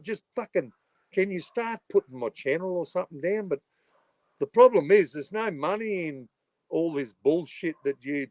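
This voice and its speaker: A middle-aged Australian man hosts a livestream, rambling casually, swearing heavily and filling gaps with lots of "you know." His voice is on the high side and a little mellow, with no echo.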